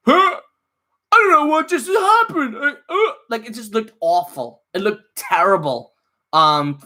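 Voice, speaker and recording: Reviewing a wrestling show live, a man rambles through casual, opinionated takes full of fillers and restarts. His voice sits high and sounds pushed and bright.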